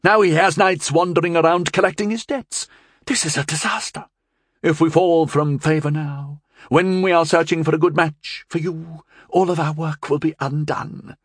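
A man's voice: on the high side, steady tone, moderate pace, slightly rough, dry recording, clean studio sound, voice pushed up. A man voicing a shrieking, furious noblewoman. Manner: shrieking, scolding. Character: furious scheming middle-aged noblewoman. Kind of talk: audiobook character voice.

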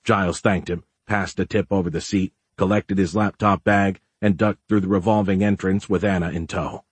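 Deep, husky male storybook narrator. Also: fairly even intonation, moderate pace, dry recording. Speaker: audiobook narrator. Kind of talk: scripted narration.

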